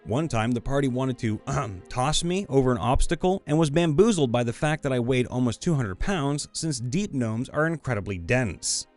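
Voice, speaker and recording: A man's voice: medium pitch, lively intonation, moderate pace, a little mellow, faint music behind. A man, a voice actor, reading fan stories in a playful, upbeat, goofy way. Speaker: voice actor and story narrator.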